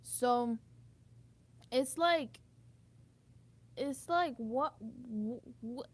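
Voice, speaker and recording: High-voiced young woman venting bluntly. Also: drawn-out words, breathy edge. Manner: frustrated, blunt, swears freely, rambling restarts. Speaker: vlogger. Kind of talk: emotional venting monologue.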